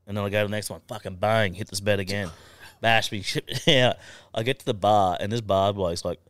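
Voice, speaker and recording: A man's voice: fairly low pitch, fairly even intonation, a little fast, fairly bright tone, no echo. A young Australian man on a podcast, telling stories in a casual chat. He swears constantly and laughs through his stories. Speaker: podcast guest.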